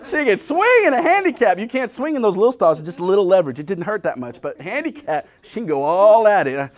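A male pastor with a high voice talks fast while delivering a funny, conversational sermon. He's an animated storyteller who acts out little scenes and speaks straight to his congregation.

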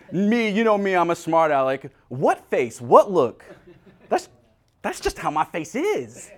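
Comic male preacher, middle-aged, lively swooping voice, acts out bits for laughs. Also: fairly high pitch, takes it slowly. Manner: animated, jokey, acts out little scenes. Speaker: pastor. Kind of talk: humorous sermon.

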